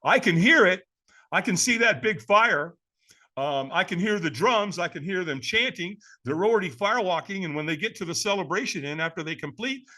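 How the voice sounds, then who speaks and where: Animated, bright-voiced older storyteller man. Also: fairly high pitch. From California, USA. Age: 70s. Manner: lively, acts out quoted voices, says "man" often. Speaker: podcast guest.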